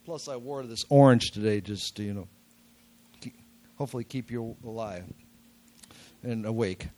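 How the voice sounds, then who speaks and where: A man's voice: mid-range voice, moderate pace, a little mellow. An older man with a nasal voice preaching a sermon in a church, talking casually with jokes and repeating key words for emphasis. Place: church sanctuary.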